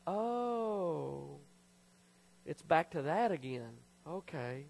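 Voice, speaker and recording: A man preaching a sermon as pastor, passionate and then quiet and confessional. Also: a little high, unhurried, long pauses. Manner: emotional, confessional preaching that drops to a hush. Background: soft piano music.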